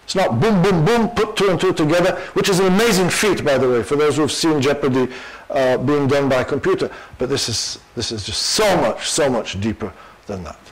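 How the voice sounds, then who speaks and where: An older man giving a university lecture, animated and full of fillers. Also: fairly high pitch, a little fast, poor audio. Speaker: guest lecturer.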